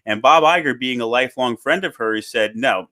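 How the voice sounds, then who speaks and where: A man co-hosting a casual chat podcast in an animated way. He reads tweets and book passages aloud to his co-host, with his pitch jumping up and down as he makes his points. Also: brisk.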